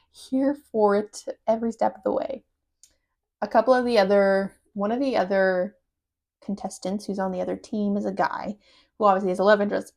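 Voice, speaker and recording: A woman's voice: mid-range voice, gravelly. Chatty young woman ranking movies. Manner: chatty, animated, laughing storyteller. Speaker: podcast host. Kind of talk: casual movie-ranking chat.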